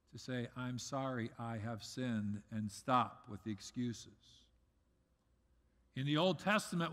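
A middle-aged man preaching a sermon as pastor, earnest, swinging between loud emphasis and soft asides. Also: fairly high pitch. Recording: long reverb of a large hall.

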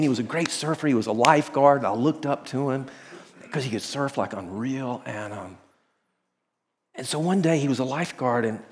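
A pastor telling stories in a sermon, swinging between excited bursts and hushed, quiet moments. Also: male voice, mid-range voice, big-room sound. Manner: animated storytelling, dropping to hushed tones. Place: large auditorium.

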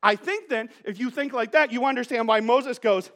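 A man's voice: very high-pitched, moderate pace, few pauses, fairly bright tone. A male pastor giving a sermon in a conversational, joking way, telling playful stories to his congregation.

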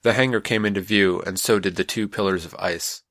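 Deep-voiced man narrating an audiobook. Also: steady tone, a little fast, fairly bright tone, dry recording, studio quality.

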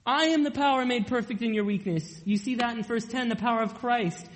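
A young man preaching a sermon, earnest and emphatic, drawing out key lines slowly. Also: very high voice, long reverb tail, low-quality recording. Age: young adult.

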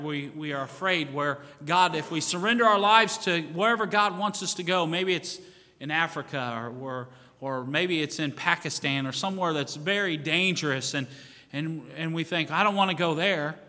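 A man's voice: on the high side, moderate pace. A man preaching as pastor in a church sanctuary, pleading earnestly in a repetitive cadence during a sermon and altar call. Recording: reverberant church hall with soft music. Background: soft piano.

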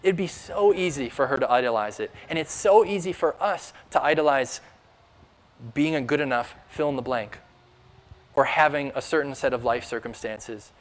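A man's voice: medium pitch, normal speed. Earnest male preacher. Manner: earnest, emphatic, rising with rhetorical questions. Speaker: pastor. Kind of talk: sermon.

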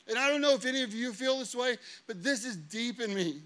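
High, bright-voiced preacher man. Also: fairly quick. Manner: animated storytelling, acting out quotes. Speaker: pastor. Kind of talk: sermon.

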